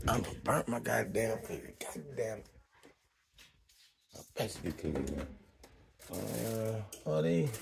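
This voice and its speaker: A man hosting a livestream, talking off the cuff in a profane, animated monologue that swings between loud outbursts and low mutters. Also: creaky, noisy background. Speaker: livestream host.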